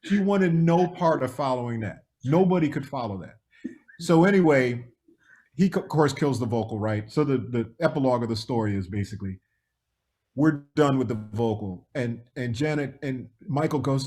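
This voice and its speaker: A man's voice: medium pitch, normal speed. A man, a music producer guest, telling a story in an interview and acting out the voices of the people in it. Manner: animated, acts out quoted voices.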